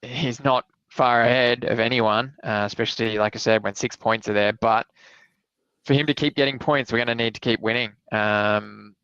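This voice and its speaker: A man co-hosting a sports podcast, giving hesitant, halting analysis in casual chat. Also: mid-range voice, fairly even intonation, fairly bright tone, clean tone, no room sound. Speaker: podcast co-host. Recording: dull lo-fi mic.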